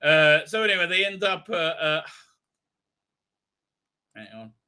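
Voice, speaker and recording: A man's voice: on the high side, lively intonation, a little slow, pushed and bright, clean tone. A man hosting a live stream, giving sarcastic, rambling commentary on a TV episode as it plays. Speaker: show host reviewing an episode.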